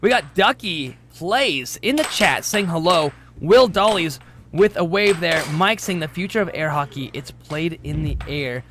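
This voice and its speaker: A man's voice: a little high, animated, measured pace, a bit bright. A man doing casual play-by-play commentary for an air hockey livestream, reading out chat messages and laughing easily. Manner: chatty, reads chat aloud, laughs easily. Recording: noisy room.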